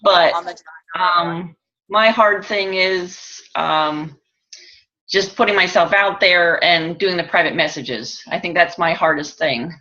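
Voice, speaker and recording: A woman's voice: fairly low pitch, takes it slowly. Hesitant woman on muffled call audio. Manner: hesitant, soft-spoken, unsure. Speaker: team coach on the call. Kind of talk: casual group call.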